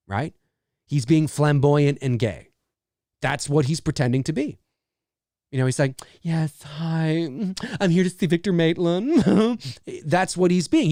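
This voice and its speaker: A middle-aged man chatting his way through a live movie commentary, his voice sitting a little high for a man. The sound is dry and close, with no room around it. He laughs often and trails off mid-thought before starting again. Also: darkish tone, no room sound.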